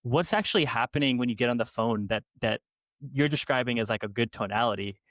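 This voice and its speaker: A man's voice: mid-range voice, fast, a bit bright, no echo, clean studio sound. A man hosting a casual podcast, asking laid-back probing questions in slangy talk. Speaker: podcast host. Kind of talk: casual chat.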